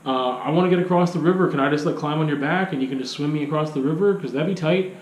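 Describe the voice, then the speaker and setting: A man's voice: a little high, quick pace, roomy sound, slight background noise, natural voice, poor audio. A man voicing a scheming male scorpion from a fable, talking in a casual, slangy, pleading way.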